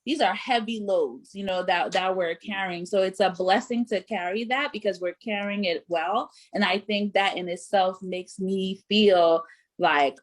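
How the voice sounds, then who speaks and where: A young adult woman hosts and sits on a casual panel discussion, speaking emphatically and conversationally with lots of fillers. Her mid-range voice is unhurried.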